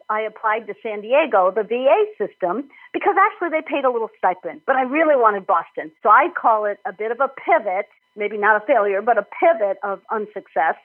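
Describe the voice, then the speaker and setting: A middle-aged woman from Minnesota, an author being interviewed on a podcast, talking warmly and enthusiastically with frequent laughter. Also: medium pitch, slightly rough. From Minnesota, United States. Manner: warm, enthusiastic, laughs often. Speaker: author and nutrition guest. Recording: tinny phone-like line.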